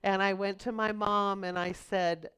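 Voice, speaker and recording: Smooth-voiced woman minister preaching. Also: medium pitch, level tone, fairly bright tone. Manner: chatty, storytelling, quick asides. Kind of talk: conversational sermon.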